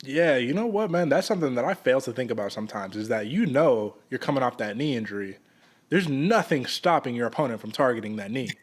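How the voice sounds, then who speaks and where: Guy cohosting a fight podcast, chatty and animated, says man a lot. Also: medium pitch, a little fast. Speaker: podcast co-host. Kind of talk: casual sports podcast chat.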